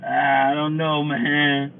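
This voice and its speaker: A man who drives trucks, chatting casually on a livestream and reading out viewer comments, with an animated, venting delivery that repeats itself. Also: a little high, extremely slow, gravelly. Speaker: truck driver live-streaming. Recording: tinny phone-like audio.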